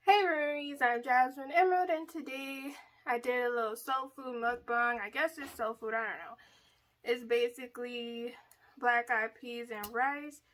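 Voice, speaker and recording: A woman's voice: on the high side, steady tone, moderate pace, a bit bright. A woman hosting a casual eat-with-me video, chatty and playful, laughing often as she talks. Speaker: mukbang vlogger.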